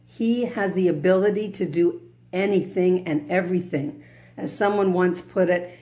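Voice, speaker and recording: A woman's voice: medium pitch, a little slow, dark tone. Conversational woman giving a religious lecture. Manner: conversational, humorous asides. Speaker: religious teacher.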